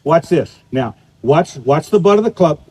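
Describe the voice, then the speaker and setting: A man's voice: a little high, animated, moderate pace, a little mellow, breathy edge, low-quality recording. An older man teaching a live golf clinic outdoors, talking in a folksy, storytelling way while he demonstrates shots. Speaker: golf instructor. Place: outdoor golf practice area.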